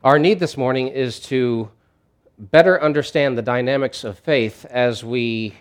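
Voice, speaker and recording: A man's voice: mid-range voice, unhurried. A man preaching a sermon as a pastor, telling a story in a conversational way with frequent restarts.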